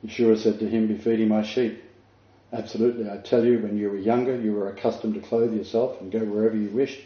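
A man's voice: lowish voice, fairly even intonation, fast. An older man preaching a sermon, earnest and emphatic, with asides to his listeners. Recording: dull echoey room recording.

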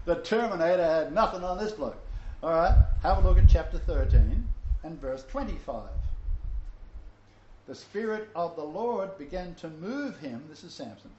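A man's voice: a little high, expressive, moderate pace, darkish tone, slight background noise. Chatty male Bible teacher, roomy lo-fi sound. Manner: chatty, chuckles at his own asides; reads scripture aloud, then comments. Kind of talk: informal Bible-study sermon. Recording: roomy, dull lo-fi recording.

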